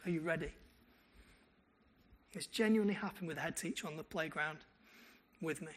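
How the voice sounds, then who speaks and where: A man's voice: a little high, moderate pace. A male pastor, preaching a sermon and telling stories with quoted dialogue. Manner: animated storytelling with quoted dialogue.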